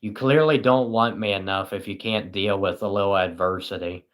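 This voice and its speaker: A man's voice: on the low side, steady tone, moderate pace, fairly bright tone. A tired British man hosting a livestream, chatting casually and reading viewers' comments with dry, self-mocking sarcasm. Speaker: livestream host.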